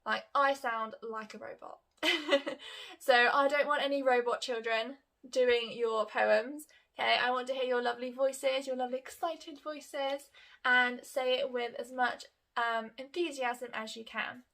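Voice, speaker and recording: A woman's voice: sits high, steady tone, unhurried, fairly bright tone. A woman teaching a recorded lesson to young children, upbeat and encouraging, in simple words. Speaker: primary school teacher.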